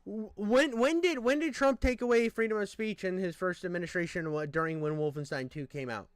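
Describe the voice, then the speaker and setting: A man's voice: high voice, brisk, clear, resonant tone, dry recording. A young man reacting to a video in a heated, profane rant, full of fillers and restarts. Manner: profane, ranting, exasperated, lots of fillers. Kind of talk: heated casual commentary.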